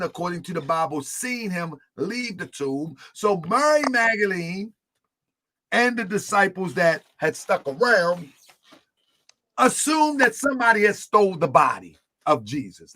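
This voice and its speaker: A man giving a religious teaching, retelling a story in an animated way with many fillers. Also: sits high.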